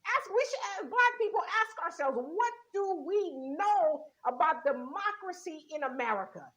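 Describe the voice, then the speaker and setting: Blunt, high-voiced woman host talking politics. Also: moderate pace. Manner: blunt, profane, animated storytelling. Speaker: show host. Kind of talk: political commentary chat. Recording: dull lo-fi audio.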